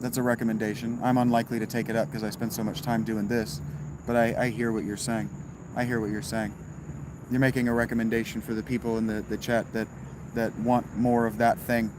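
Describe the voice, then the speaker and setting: A man's voice: medium pitch, flat delivery, fairly quick, background noise. A man hosting a casual livestream, answering viewers in chat with a laid-back, wry manner and some swearing. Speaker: livestream host reading chat.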